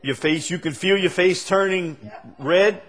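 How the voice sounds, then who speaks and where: Slow, emphatic male preacher. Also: high-pitched, fairly bright tone. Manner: repeated rhetorical questions, building to emphatic peaks. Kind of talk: sermon.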